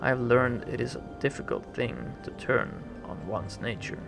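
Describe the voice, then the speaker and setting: A gentle, composed woman centuries old, speaking in formal, measured phrases, voiced by a man in his plain voice. The tone is gravelly and the pitch rises and falls freely. Game music hums behind her. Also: animated. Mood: calm.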